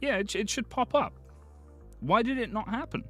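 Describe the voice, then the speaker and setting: Excitable, swearing male streamer. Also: extremely high pitch, normal speed, soft background music. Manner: excitable, swears often, thanks viewers. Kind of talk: casual livestream chat.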